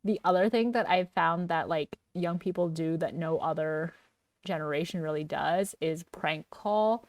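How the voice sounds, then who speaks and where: A young woman co-hosting a podcast in a chatty, casual way, full of "like" fillers and quick laughs. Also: fairly low pitch, darkish tone, no room sound, recorded from a distance. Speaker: podcast co-host. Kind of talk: casual chat.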